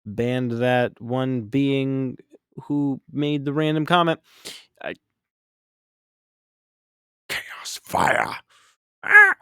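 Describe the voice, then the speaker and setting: A man's voice: mid-range voice, no room sound, studio quality. A man painting on a live stream, chatting casually and reacting to chat in an upbeat, rambling way.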